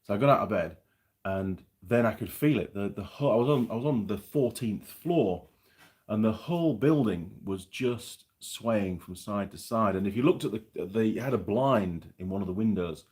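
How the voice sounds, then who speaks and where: Guy with a lowish voice rambling on his weekly livestream, reading out chat comments. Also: lively intonation, normal speed, darkish tone. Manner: rambling, reads out viewer comments. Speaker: livestream host. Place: New Zealand.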